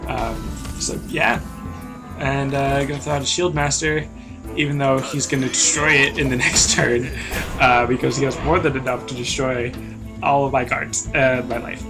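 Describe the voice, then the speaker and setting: Giggly young man narrating his gameplay. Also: medium pitch. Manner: chatty, rambling, giggly. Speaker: gameplay commentator. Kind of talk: casual gameplay commentary. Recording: music playing behind.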